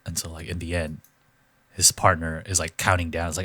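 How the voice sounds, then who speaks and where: Low-voiced man, casual podcast chat. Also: fairly quick, no room sound. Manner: animated retelling, acts out quotes with high-pitched voices. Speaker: podcast co-host.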